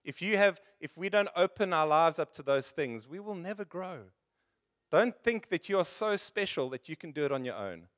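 A pastor with a fairly bright voice, somewhat high for a man, delivers an earnest, conversational sermon to his congregation at normal speed. He is animated, relies on rhetorical questions, and addresses his listeners directly.

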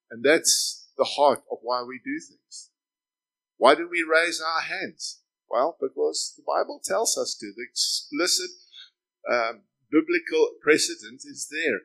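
A male pastor preaching a sermon in church, reading psalms slowly and then exhorting with emphasis. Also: fairly high pitch, bright, forceful tone, low-quality recording.

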